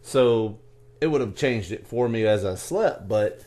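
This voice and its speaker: A man's voice: lowish voice, animated, dark tone. A man from the United States co-hosting a casual podcast, joking around and laughing often. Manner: jokey, laughs often, quick asides. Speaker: podcast co-host. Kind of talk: casual chat.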